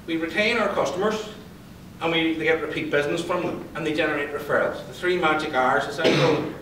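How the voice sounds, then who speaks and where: A man with a slightly raised voice gives a lively motivational talk, mixing stories with questions for the room. His voice carries through a big echoing hall. He sounds a little distant from the microphone. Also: on the high side, a little fast, background noise. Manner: lively storyteller, quizzes the audience. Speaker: conference speaker and psychologist. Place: event hall. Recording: roomy hall, distant pickup.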